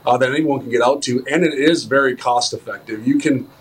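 A man in casual chat about fishing, speaking in a measured, agreeable, matter-of-fact way. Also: mid-range voice, husky, rough recording.

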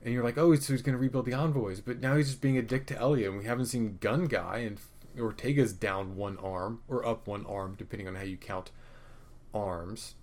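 A man casually recapping a TV episode, opinionated and profane, rambling with restarts and swinging between loud rants and muttered asides. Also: lowish voice, moderate pace. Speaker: podcast host reviewing a TV episode.

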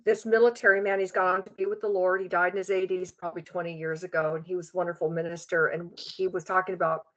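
A woman's voice: on the low side, quick pace, few pauses. A woman in casual conversation, animatedly retelling a story. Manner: animated, retelling stories with quotes. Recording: dull lo-fi audio.

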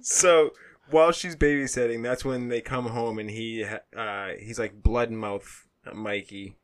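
A man's voice: medium pitch, fairly even intonation, unhurried. A man co-hosting a casual movie podcast, teasing his friends and retelling the plot. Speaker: podcast co-host. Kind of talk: casual movie review chat.

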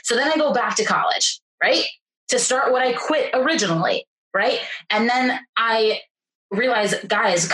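A young adult woman, a podcast guest, telling a personal story in a casual, animated way, with frequent fillers and repeated words. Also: mid-range voice. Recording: roomy echo.

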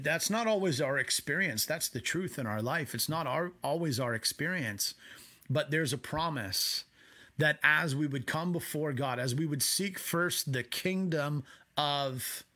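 A man preaching a sermon from home in a conversational way, with quick asides. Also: medium pitch, bright, forceful tone. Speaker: pastor.

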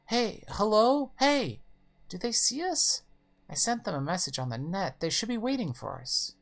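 A man voicing a nervous middle-aged mother who bursts into high, startled exclamations. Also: sing-song, normal speed, vocal fry, a bit bright, exaggerated voice. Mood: anxious calling. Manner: sudden startled outbursts. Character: anxious middle-aged mother, jumpy and sharp-tongued.

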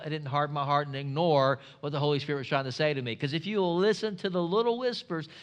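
A pastor preaching a sermon, emphatic and asking the congregation rhetorical questions. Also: male voice, fairly high pitch, fairly bright tone, clean tone.

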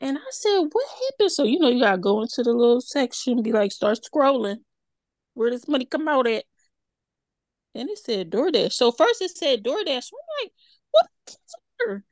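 A woman's voice: a little high, normal speed, dry recording. A woman co-hosting a podcast, telling a story in casual chat and acting out her own reactions. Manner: animated, acts out her own reactions in quotes. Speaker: podcast co-host.

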